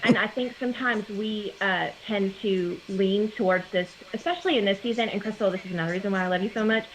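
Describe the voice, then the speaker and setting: A woman's voice: mid-range voice, fast, a little hiss or hum, poor audio. A woman in her forties, a guest talking earnestly in casual conversation over a video call, with many fillers.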